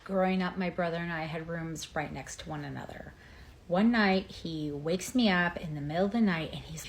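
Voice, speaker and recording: A woman's voice: on the low side, normal speed. A woman telling a childhood ghost story in a plain, matter-of-fact way. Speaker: caller sharing a ghost story. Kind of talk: casual storytelling.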